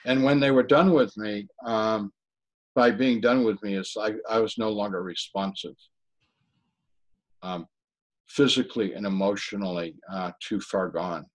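A man giving an earnest personal testimony in an interview, talking haltingly with frequent restarts. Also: lowish voice, steady tone, rough recording. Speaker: interview guest.

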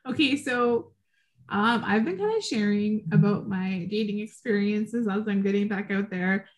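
At a moderate pace and medium pitch, this thirtysomething podcast co-host chats casually and candidly. She swears now and then.

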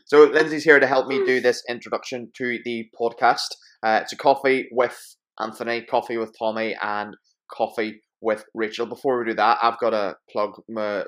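A man's voice: mid-range voice, steady tone, normal speed. A man hosting his podcast in casual chat, reading sponsor plugs with jokes and self-corrections. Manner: chatty, joking, self-correcting. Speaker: podcast host.

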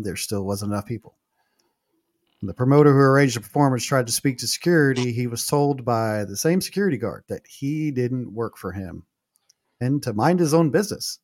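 A man, a podcast co-host reading reviews aloud with lively emphasis in casual chat. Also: mid-range voice.

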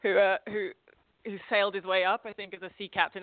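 A woman's voice: mid-range voice, fairly even intonation, fast, no room sound. A woman from the UK, a guest in an interview, speaking in a reflective, heartfelt way with restarts over a remote call. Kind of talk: casual interview chat. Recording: tinny phone-like line, dry.

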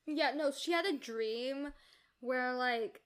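Young woman, very high voice, emphatic and opinionated, casual filler-laden chat. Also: slow. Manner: animated, emphatic commentary with filler "like". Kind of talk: casual chat discussing a novel.

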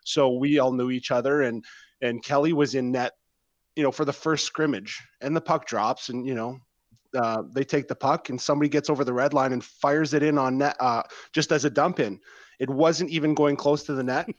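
A man from Canada in a casual chat, telling a story about an old teammate in a relaxed, teasing way with plenty of "uh"s. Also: mid-range voice, normal speed, no room sound, dull audio. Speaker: podcast co-host and old teammate.

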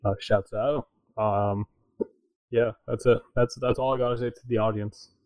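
A man's voice: medium pitch, steady tone, normal speed, darkish tone, dry recording, poor audio. A man co-hosting a podcast in casual chat, laid-back and agreeable, often answering with short replies. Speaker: podcast co-host.

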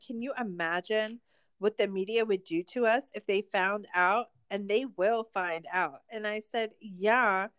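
A woman's voice: medium pitch, no room sound. A woman co-hosting a casual podcast, ranting with heavy profanity and sarcasm. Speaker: podcast co-host.

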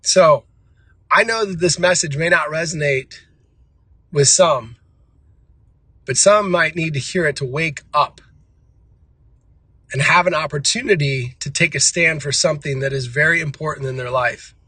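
A man delivers a motivational monologue as a show host, hammering his points with emphatic repetition. His voice sits a little high and bright with a husky edge. The sound is dry and close. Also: unhurried, long pauses, no room sound.

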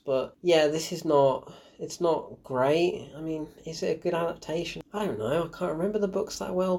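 A young adult film reviewer rambling through an opinion in an offhand, chatty way. The talk wanders through sarcastic asides, fillers and restarts. The voice sits at an everyday middle pitch. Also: creaky, darkish tone. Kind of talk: casual spoken film review.

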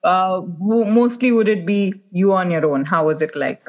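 A woman's voice: fairly low pitch, lively intonation, normal speed. A woman hosting a podcast, asking questions and agreeing with short remarks. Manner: warm prompts, short agreements and laughs. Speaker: podcast host. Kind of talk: casual podcast interview. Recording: slightly dull, lo-fi sound.

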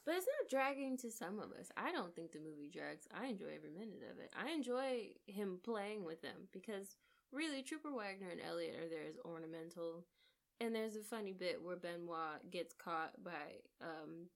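Female co-host, lowish voice, casual podcast banter, enthusiastic and gushing. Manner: enthusiastic, gushing, quick to laugh. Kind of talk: casual chat reviewing a film.

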